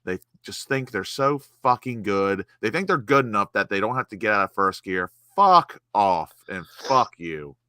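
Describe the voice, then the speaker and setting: A man's voice: fairly low pitch, normal speed, hardly any pauses, sharp tone, no echo. A man in a casual post-match chat, angry, sighing and swearing heavily.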